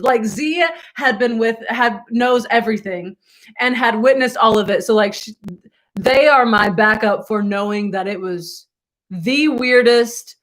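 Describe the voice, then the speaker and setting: A woman's voice: on the high side, takes it slowly. A young woman vlogger telling a rambling story to her viewers with lots of asides and laughter.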